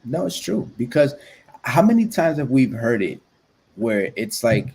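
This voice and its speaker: A man's voice: medium pitch, sing-song, measured pace, vocal fry, darkish tone, breathy edge. Emphatic man coaching on tone. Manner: emphatic, explains points with examples. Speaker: real estate coach, co-host. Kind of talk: casual podcast chat.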